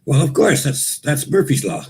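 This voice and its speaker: A man's voice: fairly high pitch, very animated, normal speed, darkish tone, breathy edge. An older man, a guest on a livestream, giving easygoing friendly greetings over a video call. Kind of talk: casual chat on a livestream.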